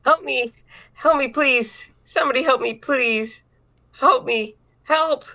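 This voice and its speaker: A man putting on a loud panicked teen girl. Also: sits high, very animated, moderate pace, dull audio, full character voice. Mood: screaming. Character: panicked teenage girl at a party.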